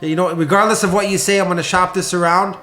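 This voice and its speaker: High-voiced male sales trainer, roomy sound. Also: fast. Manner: energetic, conversational, acts out sample sales lines. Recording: roomy echo with faint music.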